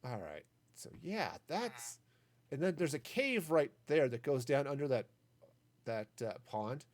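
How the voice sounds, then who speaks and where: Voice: medium pitch, big pitch swings, a little slow, darkish tone. A gaming streamer in their forties chatting casually while playing, rambling into asides and silly puns.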